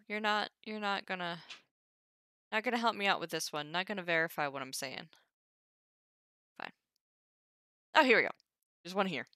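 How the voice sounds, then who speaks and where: A woman's voice: mid-range voice, pushed and bright, no room sound, studio quality. A young woman teaching Ancient Greek on a live stream, thinking aloud with wry asides. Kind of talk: casual live-stream lesson.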